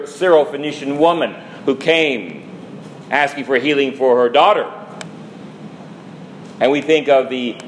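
A man preaching a sermon in a slow, measured delivery, as a priest addressing his congregation. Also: medium pitch, a little hiss or hum, poor audio. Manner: slow, measured preaching with dramatic quoted lines.

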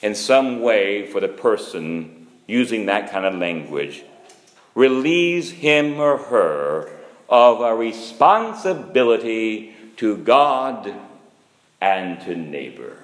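A man preaching a sermon, slow and emphatic, with sudden rises and drops in pitch and loudness. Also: big pitch swings. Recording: echoey hall.

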